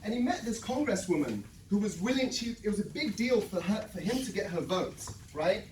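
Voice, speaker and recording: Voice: medium pitch, very animated, fairly quick, a little mellow. Sales coach hyping up a workshop crowd, storytelling, keeps going "right?", roomy echo, mic kinda far, faint room hum. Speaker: sales trainer. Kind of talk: live workshop talk to a room. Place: training room with audience. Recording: echoey room, mic at a distance.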